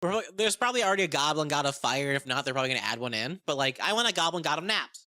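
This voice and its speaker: A woman chatting excitedly about a tabletop game, profane and rambling, often restarting her sentences. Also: deep voice, rapid-fire. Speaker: game content creator. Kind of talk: casual tabletop game review.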